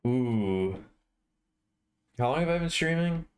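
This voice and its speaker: Man, medium pitch, casual livestreamer, rambling, self-correcting, chatting with viewers. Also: lively intonation, slow, clear, resonant tone. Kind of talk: casual live-stream chatter to chat.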